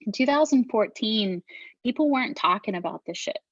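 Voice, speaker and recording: A woman's voice: fairly high pitch, expressive, brisk, dry recording, muffled recording. A middle-aged woman telling her story as an interview guest, speaking frankly, swearing casually and often restarting her sentences. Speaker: podcast guest, beverage founder.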